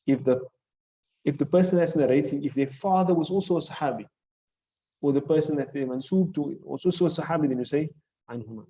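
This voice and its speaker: A man with a South African accent teaches a class, patiently walking through grammar rules and repeating each point. His voice sits fairly high but has a mellow tone. The recording is dull and lo-fi. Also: a little fast. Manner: explains patiently, repeats key points, checks understanding with "right?". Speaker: Islamic studies teacher. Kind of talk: classroom lesson on hadith and Arabic grammar.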